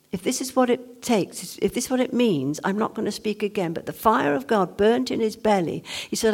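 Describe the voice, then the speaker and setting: Gravelly-voiced woman preaching a sermon. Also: fairly high pitch. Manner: earnest, reads scripture aloud with slowed emphasis.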